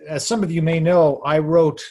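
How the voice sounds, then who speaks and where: A man's voice: on the high side, little pitch movement, moderate pace, dark tone. A man giving a talk on a video call, wry and casual with dry asides. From Arizona.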